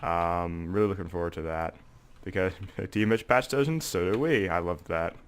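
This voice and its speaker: Congested young man, low voice. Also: moderate pace, smooth. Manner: rambling, heavy on fillers like "like" and "um". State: congested, sore throat. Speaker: gaming video creator. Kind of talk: casual gameplay commentary.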